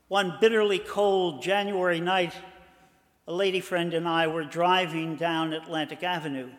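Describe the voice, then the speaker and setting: An older man from Boston telling a personal story in a measured way, with dramatic pauses. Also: on the high side, fairly even intonation. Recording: long hall reverb.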